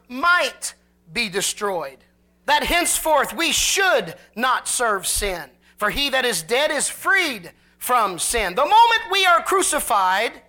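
Bright-voiced fervent preacher. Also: medium pitch. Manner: fervent preaching, swelling louder on key phrases; slow, drawn-out scripture reading. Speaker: pastor. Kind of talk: sermon.

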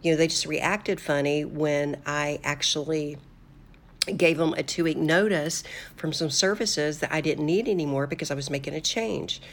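Older woman, deep low voice, devotional talk host, earnest, chatty with restarts. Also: moderate pace. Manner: earnest and conversational, with fillers and restarts. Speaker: host of a faith talk show.

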